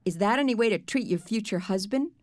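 A woman's voice: medium pitch, expressive, brisk, a little mellow, no room sound, natural voice. A woman voicing an exasperated boy arguing with his little brother.

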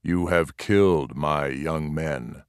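A man voicing a calm, grave male chieftain who speaks in slow, short, deliberate sentences. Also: a bass voice, clear, resonant tone, dry recording, clean studio sound, pitched below the performer's own voice. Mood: grave, measured.

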